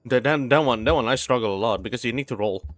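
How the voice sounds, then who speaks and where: A man's voice: medium pitch, fast, a bit bright, no room sound. A young man chatting casually while streaming a game, often restarting his sentences and sounding out names syllable by syllable. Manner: rambling, many restarts, sounding out words.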